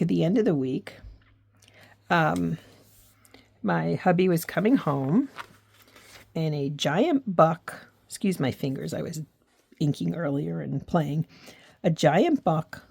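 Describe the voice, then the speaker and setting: This American craft and faith vlogger, a middle-aged woman, talks earnestly as she works on her crafts, growing reflective and sometimes near tears. Her lowish voice is gravelly and a bit mellow, with no room sound in the recording.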